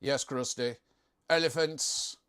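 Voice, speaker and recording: A man's voice: medium pitch, steady tone, slow, pushed and bright, clean tone. A young man hosting a casual live stream, chatting in a jokey way and reading out viewer comments.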